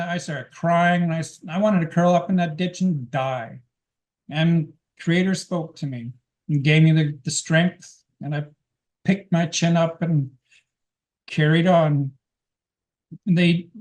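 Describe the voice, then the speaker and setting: Earnest man telling spiritual stories. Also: fairly high pitch. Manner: earnest, rambling storytelling with restarts. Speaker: guest speaker teaching a class. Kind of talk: personal spiritual testimony.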